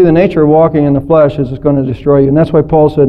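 A man's voice: a little high, little pitch movement, very fast. A man preaching a sermon as pastor, emphatic, firing off strings of rhetorical questions. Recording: dull lo-fi recording.

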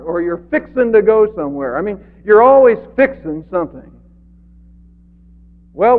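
A man preaching an earnest sermon as pastor, swinging from loud emphasis to quiet. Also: high-pitched. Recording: phone-like radio broadcast with long reverb.

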